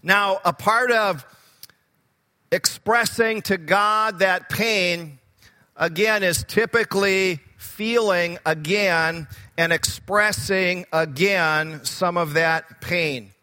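A man's voice: sits high, slow pace, sharp tone, big-room sound. A man preaching a sermon, earnest and repeating key words for emphasis, growing fervent when he quotes scripture.

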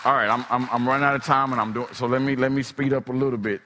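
A man preaching a sermon with dramatic storytelling, swinging from shouts to whispers. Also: mid-range voice, steady tone, fast talker, big-room sound, a little hiss or hum.

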